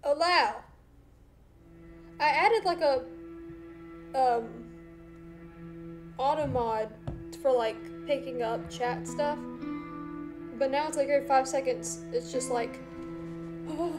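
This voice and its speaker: A woman's voice: sits high, slow, pauses often, over music. A young woman casually commenting on her game and joking with viewers during a live stream. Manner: playful, joking, chatting to viewers.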